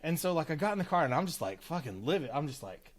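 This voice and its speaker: A man in his thirties, a podcast co-host, telling a casual story with lively, cursing asides and acted-out quotes. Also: fairly high pitch, quick pace. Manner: animated, acts out quotes with cursing.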